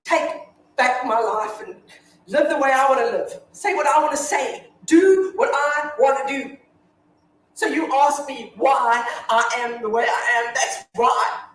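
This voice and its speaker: An actress playing a grieving, foul-mouthed widow in a staged reading, telling her story from hushed to shouting. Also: sits high, unhurried. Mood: defiant. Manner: confessional monologue, swinging from hushed to shouting. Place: theatre stage. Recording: echoey hall from far off.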